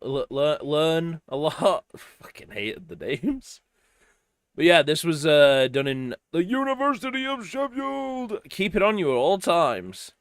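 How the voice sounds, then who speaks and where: Rambling streamer, fairly high voice. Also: male voice, sing-song, a little slow, clean tone, no echo, studio quality. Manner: rambling, swearing, self-deprecating. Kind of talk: casual commentary while playing.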